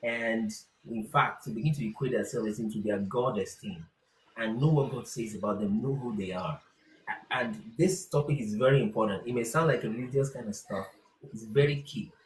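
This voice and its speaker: A man, a pastor hosting a casual discussion and telling stories with lively asides. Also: medium pitch, brisk, roomy sound, rough recording. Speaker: pastor and host.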